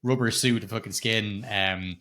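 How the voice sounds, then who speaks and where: A man's voice: lowish voice, steady tone, normal speed, sharp tone, slight background noise. A middle-aged man co-hosting a podcast, recapping a film in casual, sweary, rambling chat with frequent chuckles. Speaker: podcast co-host.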